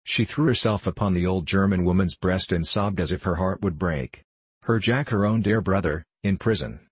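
A man narrating an audiobook in a measured, even reading. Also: sits low, husky, dry recording.

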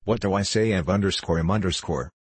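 A grave, mild-spoken old friar, read by a man in a deep, husky voice, offering measured comfort. The delivery is dry and close, with no room sound, and stays solemn and steady from line to line. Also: no echo. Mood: solemn consolation. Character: gentle, earnest older male friar. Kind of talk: audiobook character reading.

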